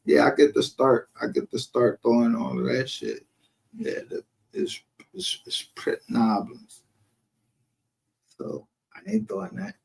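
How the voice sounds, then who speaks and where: A man holds forth on a casual livestream, brash and profane. His voice sits at an ordinary middle pitch, and he breaks into laughter often between his points. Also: sing-song, measured pace, vocal fry, long pauses. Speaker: livestream host.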